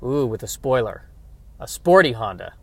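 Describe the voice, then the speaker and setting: Male podcast host, mid-pitched, thinking aloud and questioning himself from behind the wheel. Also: big pitch swings, normal speed, husky, dry recording. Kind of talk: solo comedic musing podcast. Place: in a car while driving.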